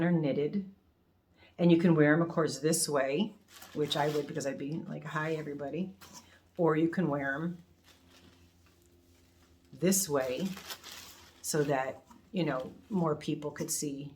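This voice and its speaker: Woman, middle-aged, deep low voice, casual unboxing vlog host, gushing, emotional, laughs easily. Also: darkish tone. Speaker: crafting channel host.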